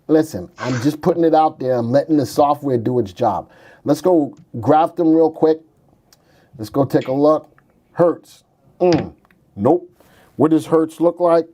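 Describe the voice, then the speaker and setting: This man's voice sits on the high side with a dark tone as he casually covers charts on a stock show. He jokes around with his co-host, wisecracking and doing silly voices.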